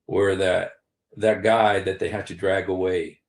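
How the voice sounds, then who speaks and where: A man's voice: low voice, little pitch movement, unhurried, a little hiss or hum. A man in his sixties giving casual livestream commentary, rambling, repeating key phrases and speaking straight to his viewers. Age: 60s. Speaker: live streamer. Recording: roomy echo.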